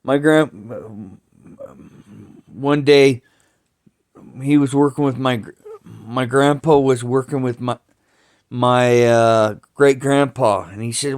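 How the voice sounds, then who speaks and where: A man talks through his family history at an unhurried pace, often stopping and restarting his sentences. His voice is smooth and clear. His speech is loose and rough, with casual swearing. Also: mid-range voice, darkish tone. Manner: slow, halting, with many restarts and cursing. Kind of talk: rambling family storytelling.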